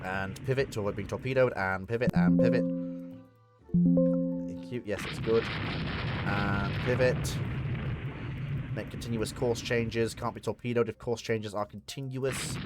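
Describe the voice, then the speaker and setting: A man's voice: lowish voice, measured pace, long pauses, loud music behind the voice. Swearing man playing a strategy game. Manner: swearing, excitable, talks to the game. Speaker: streamer. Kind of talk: live strategy gameplay commentary.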